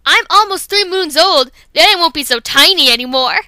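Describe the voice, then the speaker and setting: A woman's voice: very high-pitched, animated, moderate pace, bright, forceful tone, no echo, clean studio sound, full character voice. A woman doing a tiny eager boy kitten. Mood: boastful.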